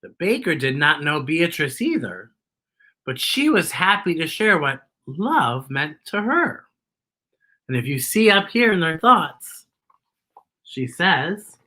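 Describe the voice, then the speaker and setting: Animated woman reading a picture book. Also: deep voice, takes it slowly. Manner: animated, chatty asides about the pictures. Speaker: children's story reader.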